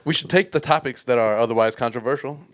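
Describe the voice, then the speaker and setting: A man's voice: medium pitch, fast, a little hiss or hum. A man co-hosting a podcast in casual chat, easygoing and ribbing his friends. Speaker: podcast co-host.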